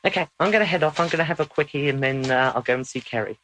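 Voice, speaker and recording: A man channels with a bright, forward tone pitched slightly high. He talks in a measured, instructive way and slips into formal phrasing now and then. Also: a little hiss or hum, low-quality recording. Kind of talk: channeling session.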